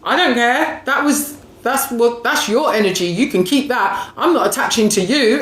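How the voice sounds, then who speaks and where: A woman's voice: fairly high pitch, moderate pace, hardly any pauses, a bit bright. Affectionate woman in an echoey room. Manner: affectionate, calls viewers darling and sweetie, often asks "right?"; laughs often while talking. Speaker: spiritual reader and coach. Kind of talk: live-streamed oracle reading. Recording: echoey room with faint background noise.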